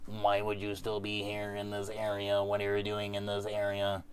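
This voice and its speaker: A man doing a flat, fed-up droning voice. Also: on the low side, close to an everyday voice. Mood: fed-up drone. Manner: flat, slow, repetitive monotone. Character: weary man droning the same annoyed question.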